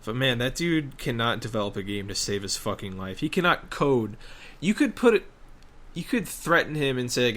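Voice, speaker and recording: A man's voice: medium pitch, big pitch swings, normal speed, fairly bright tone. A man co-hosting a podcast in casual chat, ranting sarcastically and swearing a lot. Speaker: podcast co-host.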